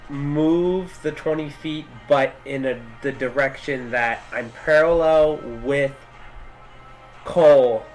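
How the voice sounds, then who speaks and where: A man's voice: a little high, slow, soft background music, rough recording. A man playing a tabletop game, talking casually and thinking aloud with fillers. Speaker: player.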